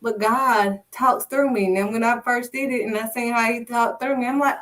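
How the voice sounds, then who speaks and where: A woman's voice: on the high side, fairly even intonation, moderate pace, few pauses, fairly bright tone, recorded from a distance. A woman preaching informally in an emphatic, repetitive, conversational way. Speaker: faith video host.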